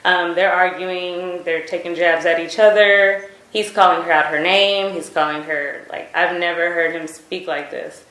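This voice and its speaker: A woman's voice: lowish voice, steady tone, measured pace, hardly any pauses, fairly bright tone. A woman giving a recorded statement, retelling events hesitantly with many fillers. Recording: echoey room recording.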